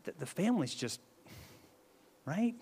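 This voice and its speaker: A man's voice: a little high, very animated, a little slow, vocal fry, darkish tone, slightly rough. A man preaching a sermon in a conversational way, often checking in with the listeners and restarting his phrases. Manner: conversational, keeps adding "right?", frequent restarts.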